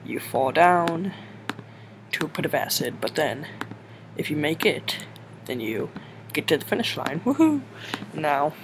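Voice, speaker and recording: A young man casually narrating a game level editor tutorial, rambling and filling gaps with "like.". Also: fairly high pitch. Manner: rambling, heavy use of "like", self-correcting. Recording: noisy home mic recording.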